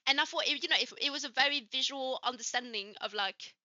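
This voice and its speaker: A woman's voice: high-pitched, quick pace, pushed and bright, dry recording, dull audio. A woman from Switzerland with a light Swiss French accent, co-hosting a casual chat and swearing freely as she acts out the people in her stories. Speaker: podcast co-host.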